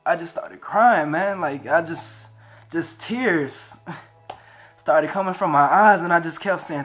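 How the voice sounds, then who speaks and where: A young man, telling a heartfelt personal testimony in a casual, animated way, often praising God. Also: fairly high pitch, slow. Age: 20s. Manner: animated, emotional, religious. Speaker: vlogger.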